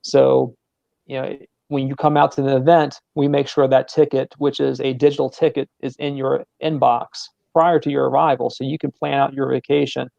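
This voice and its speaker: As an interview guest, a sports center manager with a Southern American accent walks through his venue in a steady, even, mid-range voice that has a gravelly edge. He stops on fillers and repeats words while explaining. The recording is dry and slightly dull, with no room sound.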